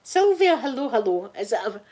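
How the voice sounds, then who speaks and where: A woman's voice: medium pitch, normal speed. A middle-aged Scottish woman chatting casually on a live stream, greeting viewers in the chat by name. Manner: chatty, warm-hearted, reads out chat names.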